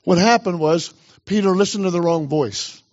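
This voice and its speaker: A man's voice: high voice, normal speed, a little mellow, highs cut off. A man pastor preaching a sermon with emphasis, urging the congregation on.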